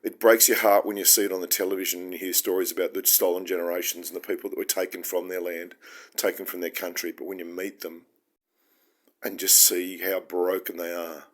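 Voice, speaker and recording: A man's voice: low-pitched, level tone, a little fast. An Australian man hosting his own show, talking through his feelings in an earnest, heartfelt and rambling solo monologue. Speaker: podcast host.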